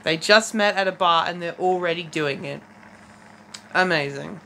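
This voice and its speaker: Teenage girl, fanfiction reader, lowish voice, halting restarts, dry asides. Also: bright, forceful tone, rough recording. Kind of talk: casual fanfiction reading with asides. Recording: faint background noise.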